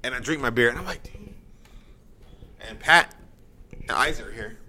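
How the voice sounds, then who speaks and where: A man's voice: medium pitch, animated, fairly quick, sharp tone, slight background noise. A man guest on a casual podcast, telling a profane story and teasing the host. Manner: profane, teasing, quoting himself.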